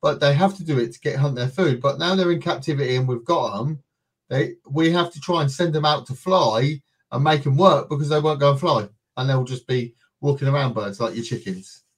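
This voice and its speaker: A man's voice: medium pitch, fairly quick, husky. A man guest in casual chat, rambling a little and restarting as he retells what someone told him.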